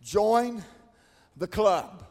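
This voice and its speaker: A preacher with a strikingly high voice delivers a sermon, rising into shouted, sung-out climaxes before falling back to quiet asides. His voice rings with the long reverb of a large church hall. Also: very slow. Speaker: pastor.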